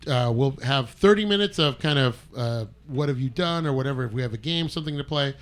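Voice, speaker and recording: A man's voice: medium pitch, lively intonation, a little fast. A man hosting a casual group chat, joking and rambling and talking over others. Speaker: podcast host.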